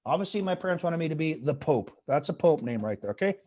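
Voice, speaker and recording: High-voiced man firing off one-liners. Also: lively intonation, warm tone. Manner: rapid one-liners, pleading with the audience after jokes. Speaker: stand-up comedian guest. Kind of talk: stand-up set over video call. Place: bedroom.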